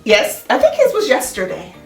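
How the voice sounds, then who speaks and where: A high-voiced woman teaching children's Sabbath school, her pitch bouncing all over as she chats and teases. She sounds a bit far from the mic in a roomy church space. Soft music plays underneath. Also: moderate pace. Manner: playful, teasing, animated. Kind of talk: casual chat with a child. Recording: echoey room, distant mic, soft music.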